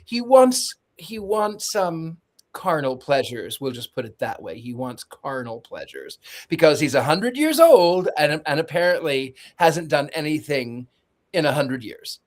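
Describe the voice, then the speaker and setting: A man's voice: a little high, lively intonation, measured pace. A man giving a sarcastic, joking movie recap as a podcast panelist.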